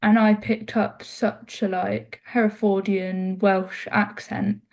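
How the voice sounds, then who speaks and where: Gravelly-voiced woman, flat delivery. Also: medium pitch, takes it slowly. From North London. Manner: chatty, anecdotal. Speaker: podcast co-host. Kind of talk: casual panel chat.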